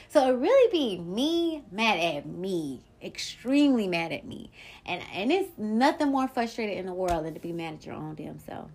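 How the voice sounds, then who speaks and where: A woman hosting her own podcast, talking in a blunt, profane and animated solo monologue about her life. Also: fairly high pitch, normal speed. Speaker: podcast host.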